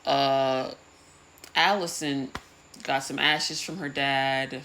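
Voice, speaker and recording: A young woman with a remarkably deep voice rambles through a TV episode recap, slangy and swearing in a deadpan way. A faint hum of ambience sits under her casual talk. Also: takes it slowly.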